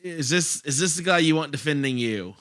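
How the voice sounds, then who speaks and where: A young man from Louisiana co-hosting a casual movie podcast, talking in an animated, rambling way with frequent laughs. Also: fairly high pitch, brisk, no echo. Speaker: podcast co-host. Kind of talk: casual chat.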